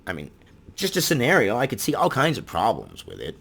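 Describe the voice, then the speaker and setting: A man's voice: mid-range voice, huge pitch swings, fairly quick, a bit bright. A man giving indignant, sarcastic opinion commentary on the news, full of rhetorical questions. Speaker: political commentary channel host.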